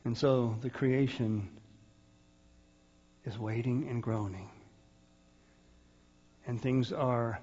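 A male pastor preaching a sermon, swinging from loud, drawn-out rises to soft, sighing drops. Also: medium pitch, in a large hall, highs cut off.

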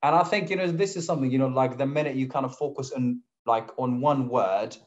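A man's voice: mid-range voice, brisk. Arabic-speaking man on a dull line. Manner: explains by acting out examples. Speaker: podcast host. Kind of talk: casual conversation. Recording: dull lo-fi audio.

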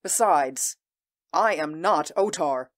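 Fields: Figure: proud warrior queen, acted by a woman. Pitch: lowish. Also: animated. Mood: proud, fierce. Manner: intense, measured and commanding. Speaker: voice actor. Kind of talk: audio drama acting.

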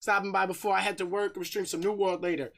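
Male streamer, laid-back and upbeat, rattling off shout-outs to chat on a desk mic. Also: high-pitched, level tone, fast talker, gravelly. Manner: upbeat, shouting out viewers by name. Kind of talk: casual livestream chat.

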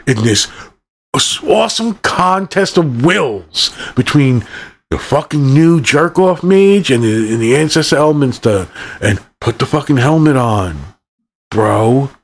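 A man's voice: medium pitch, vocal fry, breathy edge. A middle-aged man ranting angrily about a movie, swearing constantly and rambling from point to point. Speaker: channel host reviewing a movie. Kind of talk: profane ranting movie review.

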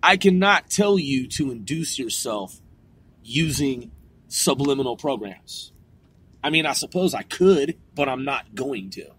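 A middle-aged man from a small country town, talking to his viewers in a slow, deliberate monologue and repeating and rephrasing himself as he goes. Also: medium pitch, lively intonation, fairly bright tone, slight background noise, rough recording. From a small country town on the West Coast. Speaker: channel host.

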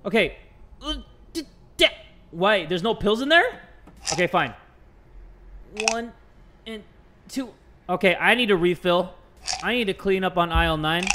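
A man hosting a horror game let's play, joking around and breaking into sudden loud outbursts. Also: on the high side, animated, a little slow, long pauses, a little hiss or hum. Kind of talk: horror gameplay commentary.

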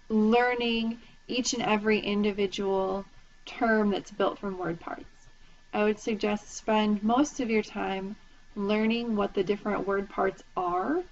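A woman instructor giving a recorded lecture, patiently explaining terms and spelling them out letter by letter. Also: medium pitch. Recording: dull lo-fi lecture recording with faint noise.

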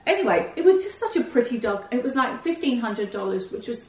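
A woman's voice: fairly high pitch, sing-song, a little fast. Chatty woman on her couch. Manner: chatty, laughs often, coaxes her dogs between remarks. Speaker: vlogger. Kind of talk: casual chat to camera. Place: living room at home, on the couch with dogs. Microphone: camera set a few feet away. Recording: roomy, from a distance.

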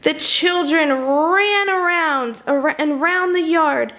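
A young woman reading a picture book aloud to children, with chatty, animated asides to her little listeners. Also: high-pitched, a little slow, gravelly, few pauses. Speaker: children's storybook reader.

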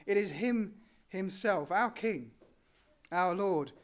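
Earnest higher-voiced male preacher. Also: lively intonation, slow pace. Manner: earnest, rising on key phrases and dropping softly at line ends. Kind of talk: sermon.

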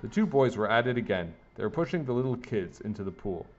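A man with a low voice reads a children's story aloud. His narration is gentle yet animated, rising and falling freely. The recording sounds slightly muffled. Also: fast talker, a little hiss or hum. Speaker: storybook reader.

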